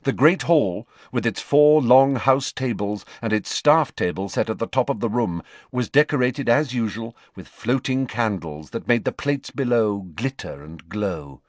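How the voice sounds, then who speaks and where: A male audiobook narrator with a medium-pitched voice reads a novel aloud in a measured, expressive storytelling style. It's scripted narration with no room sound.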